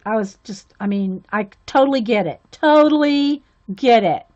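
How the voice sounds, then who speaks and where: A woman's voice: fairly high pitch, moderate pace, few pauses, darkish tone. A woman hosting a casual livestream while coloring, chatty and gushing with frequent exclamations. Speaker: livestream host coloring with viewers. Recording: dull lo-fi sound.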